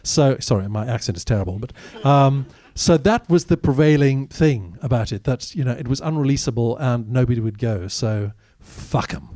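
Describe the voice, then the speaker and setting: A man's voice: mid-range voice, expressive, normal speed, hardly any pauses, dark tone. A man, an actor as guest, telling candid, wry anecdotes in a live audience Q&A at a cinema. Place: cinema stage after a screening.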